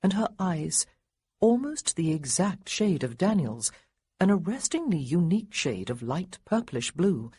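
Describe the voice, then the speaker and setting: A woman reads an audiobook with lots of expression, her low-ish voice rising and falling freely. Her tone is husky and breathy, recorded dry and close with no room sound. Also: unhurried, no echo. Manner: expressive, lively character dialogue. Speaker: audiobook narrator. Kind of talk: audiobook narration.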